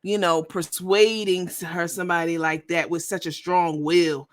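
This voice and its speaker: A woman's voice: lowish voice, fairly even intonation, moderate pace. A woman hosting a commentary stream in a blunt, profane, sassy manner. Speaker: host. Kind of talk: commentary vlog.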